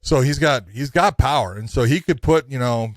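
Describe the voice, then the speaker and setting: A man's voice: medium pitch, moderate pace, no room sound. A man co-hosting a fight podcast, telling stories with lots of laughter in casual chat. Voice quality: animated storyteller, laughs often. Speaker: podcast co-host.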